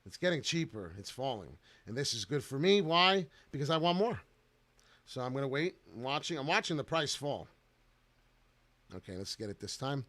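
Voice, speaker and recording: A man giving brash, excited live commentary to viewers while trading crypto on charts. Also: mid-range voice, normal speed, dry recording.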